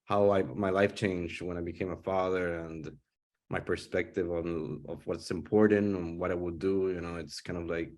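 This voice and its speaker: A man's voice: sits low, steady tone, moderate pace, darkish tone. A young man and father talking about his film on a panel, thinking aloud and searching for words. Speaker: filmmaker. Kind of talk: casual panel discussion.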